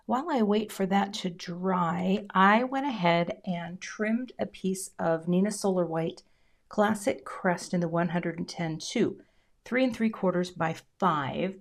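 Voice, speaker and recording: Middle-aged woman, crafting vlogger, casual narration that slides into quiet whispering mid-task. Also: fairly low pitch. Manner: drops into whispers while concentrating. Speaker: card-making crafter.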